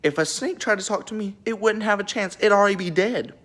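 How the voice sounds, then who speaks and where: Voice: medium pitch, fast talker. A young video creator retelling Bible stories as comedy, rambling through jokes and side remarks. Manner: rambling, joking, animated asides.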